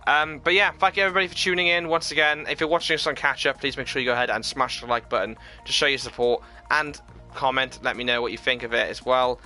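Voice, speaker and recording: During a live game stream, a man reads his viewers' comments aloud and responds in a relaxed, easy way, with soft music playing behind him. His mid-range voice is bright and forward, his pace quick and his intonation fairly even.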